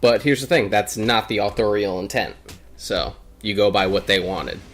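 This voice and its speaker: A man's voice: on the low side, normal speed, a bit bright. A young man co-commenting on a game, opinionated and explaining comic lore at length. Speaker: guest co-commentator. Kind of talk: casual gameplay commentary.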